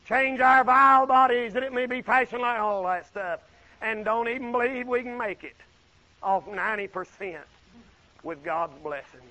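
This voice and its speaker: A man preaching a folksy sermon, swinging from loud exclaiming to low murmured asides. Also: normal speed, dull audio.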